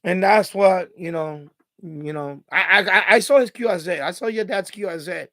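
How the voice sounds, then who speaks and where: A man's voice: high voice, normal speed, pushed and bright, dry recording. A middle-aged man hosting a live stream from home, talking emotionally and getting choked up, rambling with many restarts. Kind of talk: casual live stream chat.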